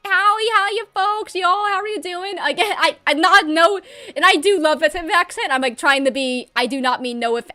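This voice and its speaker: A woman's voice: high voice, sharp tone. A young adult woman chatting casually and bubbly while livestreaming a game from home, laughing often.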